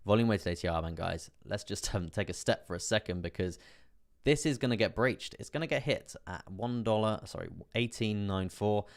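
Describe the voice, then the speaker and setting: This crypto streamer is a young man speaking at a normal speed with a lowish voice. He riffs casually on trades during a live stream, full of fillers and asides aimed at his audience.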